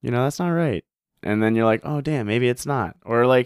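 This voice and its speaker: Young male host, casual chat, smooth lowish voice, dry close recording. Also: a little fast, no echo. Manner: relaxed, swears casually, acts out quotes. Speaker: podcast host.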